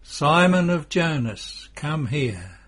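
Calm, mock-stern teacher figure read by a man in a storybook, husky and slow. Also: medium pitch. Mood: calm, teasing. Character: calm, gently teasing male teacher.

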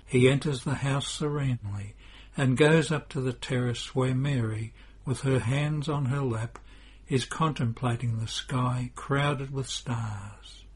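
A man reads a devotional story aloud in a measured narrating manner. His voice is deeply husky and breathy, and he takes his time over every phrase. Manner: slow, measured reading.

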